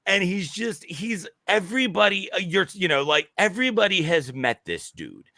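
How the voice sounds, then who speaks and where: A man co-hosting a podcast, talking excitedly in casual chat with many restarts and halting phrases. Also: high voice, vocal fry, no echo, studio quality. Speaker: podcast co-host.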